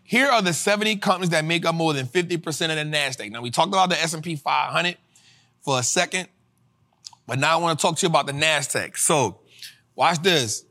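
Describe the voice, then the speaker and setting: Energetic, fiery man preaching money lessons. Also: fairly high pitch, brisk. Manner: preacher-like cadence, rising to shouts; casual slang, addresses audience as y'all. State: tired after a flight. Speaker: financial education host. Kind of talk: motivational livestream teaching.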